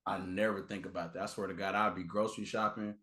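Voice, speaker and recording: A man's voice: sits low, fast. A young adult man, a guest on a podcast, chatting casually and acting out the people in his stories. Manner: animated storyteller, acts out quotes. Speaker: guest content creator. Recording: roomy echo.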